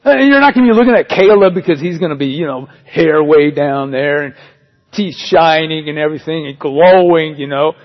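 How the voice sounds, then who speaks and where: A man's voice: fairly high pitch, brisk, lo-fi sound. A man preaching a sermon as pastor, in a conversational way with joking asides.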